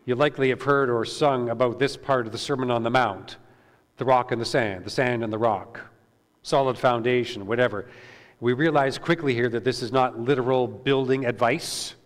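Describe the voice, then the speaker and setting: A man's voice: medium pitch, steady tone, moderate pace. A man pastor giving a conversational sermon, with many "uh"s and repeated words, recorded in a church sanctuary. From Canada. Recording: long reverb of a church hall.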